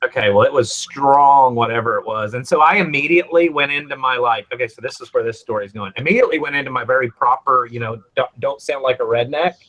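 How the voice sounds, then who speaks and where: A man with a Southern US accent hosts a casual chat, telling stories in a bright, forceful voice. He swings from loud bursts to quiet asides. His pitch sits in the middle for a man. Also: fast, hardly any pauses, low-quality recording. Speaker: host.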